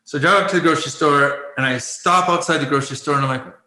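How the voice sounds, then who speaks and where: A man in his forties speaks with a bright, forceful edge, telling candid stories from his own life and acting out both sides of old conversations. He laughs often between lines. The voice bounces around an echoey room. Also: on the high side, rapid-fire. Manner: animated, laughs often, acts out quoted exchanges. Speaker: guest, former pro athlete turned life coach.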